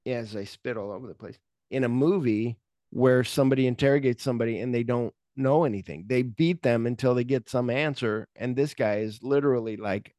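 A man's voice: mid-range voice, brisk, mellow, dry recording, clean studio sound. A man hosting a podcast, casually retelling film scenes in a rambling way, full of "like". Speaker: podcast host.

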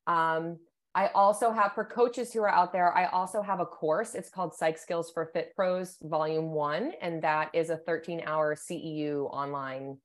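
A woman's voice: deep voice, steady tone, moderate pace. A woman, a sports psychologist, explaining her ideas thoughtfully in a podcast interview, often checking in with "right?" and "you know".

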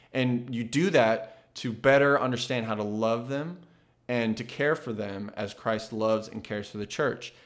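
A man's voice: fairly low pitch, fairly bright tone. A man talking in a casual, reflective monologue, earnest and thinking aloud, with frequent restarts.

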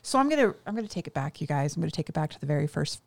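A woman's voice: sits low, rapid-fire, vocal fry. A woman co-hosting a casual chat, retelling a movie scene by scene and acting out the characters' lines. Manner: animated, acts out scenes with quoted voices and laughs. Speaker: podcast co-host.

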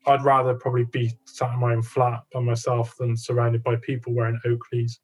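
A man's voice: medium pitch, monotone, fairly quick, a little mellow, breathy edge. A young adult man co-hosting a podcast, chatting casually with dry, sweary wisecracks. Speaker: podcast co-host. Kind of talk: casual chat.

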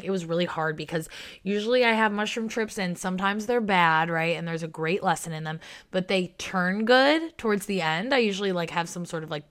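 Young woman, podcast host, candid personal monologue, emotional, frank, curses a lot, slightly low voice. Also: a bit bright. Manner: emotional, frank, swears freely, many fillers.

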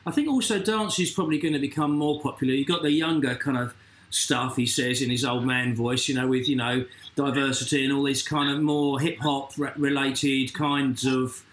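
A man hosting a casual interview, talking hesitantly with many pauses and restarts. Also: mid-range voice, steady tone, fairly bright tone, echoey room, low-quality recording. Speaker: host.

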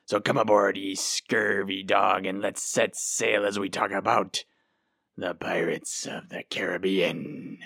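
A man's voice: deep voice, fairly even intonation, unhurried, gravelly, bright, forceful tone, no echo, studio quality, full character voice. A man putting on a drawling pirate captain. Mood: theatrical. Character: stock pirate captain, gruff and theatrical.

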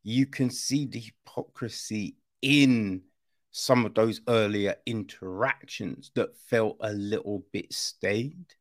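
A man's voice: lowish voice, takes it slowly. A man giving a casual spoken film review, often tagging his points with "right?" and "you know". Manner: conversational, keeps asking "right?"; swears casually.

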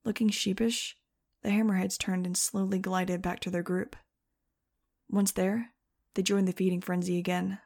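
A woman narrating an audiobook, reading lively scripted prose. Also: lowish voice, normal speed, vocal fry. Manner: lively, shifting into excited first-person telling.

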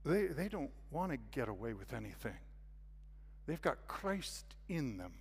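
A man voicing a calm, wry apostle. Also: mid-range voice, measured pace, gravelly, a little hiss or hum. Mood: wry gentle. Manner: soft, gently ironic. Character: gentle, patient apostle answering critics. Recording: long reverb of a hall.

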